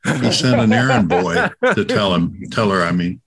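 A man's voice: fairly low pitch, normal speed, a bit bright, slightly rough. A man in casual podcast chat, adding dry remarks and backing up his co-host.

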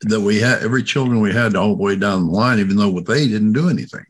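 A man's voice: fairly low pitch, fast talker, breathy edge. A man in casual podcast chat, adding dry remarks and backing up his co-host.

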